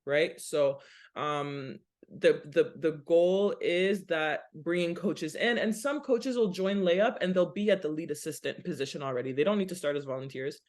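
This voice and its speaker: A woman's voice: sits low, normal speed, a little mellow. Podcast guest: young adult woman, earnest and explanatory, casual interview talk. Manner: earnest and explanatory, lists things in runs. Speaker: basketball nonprofit director, podcast guest.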